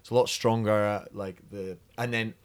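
A man from Scotland with a Scottish accent, chatting on a podcast as a whisky brand ambassador and telling lively stories. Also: lowish voice, normal speed, smooth. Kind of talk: casual podcast chat.

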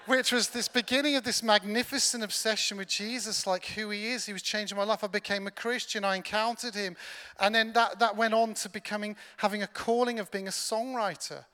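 High, bright-voiced preacher. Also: male voice, fairly even intonation, brisk. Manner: humorous, self-deprecating storytelling. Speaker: pastor. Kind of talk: sermon. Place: large church hall. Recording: long hall reverb from a church.

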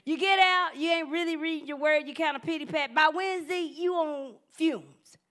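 Bright high-voiced woman preaching. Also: normal speed. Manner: humorous, acts out everyday scenes; conversational, addresses listeners directly. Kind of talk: sermon.

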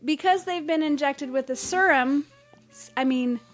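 A woman on a casual podcast, telling jokes in a dry, deadpan way. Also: high-pitched, moderate pace. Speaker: podcast co-host.

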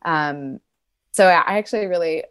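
Woman talking about a movie, thoughtful, lowish voice. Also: a little slow, fairly bright tone, clean tone. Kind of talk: casual film discussion.

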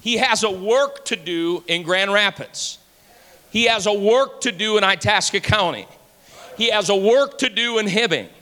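High, bright-voiced fervent preacher man. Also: measured pace. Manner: fervent preaching, rising to shouts. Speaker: pastor. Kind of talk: sermon. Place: church sanctuary. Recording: hall reverb.

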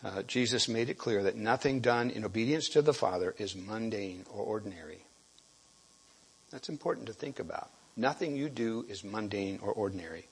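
Gravelly guy giving a sermon, kinda husky, lots of stops and restarts. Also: fairly low pitch, animated. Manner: halting, with frequent restarts and throat clearing. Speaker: preacher.

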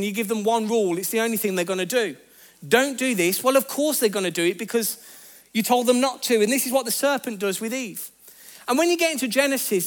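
A man giving a sermon, speaking in an earnest, conversational teaching way with repeated phrases. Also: very high voice. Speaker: pastor.

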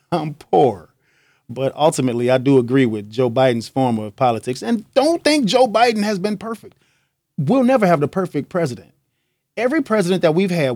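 Animated, joking man hosting a podcast. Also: fairly high pitch, no room sound, studio quality. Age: young adult. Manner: animated, joking, laughs often. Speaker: podcast host. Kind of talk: casual monologue.

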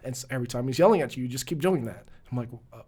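A young man in a relaxed talk show, spinning a long anecdote. He laughs often and slips into voices for the people in his story. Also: mid-range voice, racing, breathy edge. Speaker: podcast co-host. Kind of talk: casual storytelling chat.

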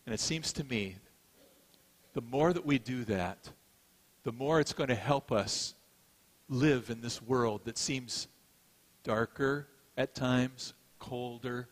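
Man, middle-aged, pastor, chatty storytelling sermon, mid-pitched voice, echo trailing in a big church hall. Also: slow pace, long pauses. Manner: conversational storytelling, self-deprecating. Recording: long hall reverb.

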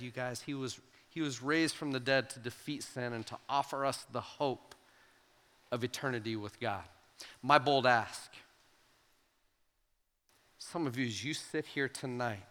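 A youth pastor preaching a sermon to students, animated and emphatic, acting out the voices in the stories he tells. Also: mid-range voice. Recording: long hall reverb with soft guitar.

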